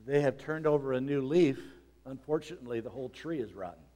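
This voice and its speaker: A man preaching a sermon, reading scripture aloud and explaining it, dropping low and quiet and then building to dramatic shouted peaks. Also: lively intonation, fast talker.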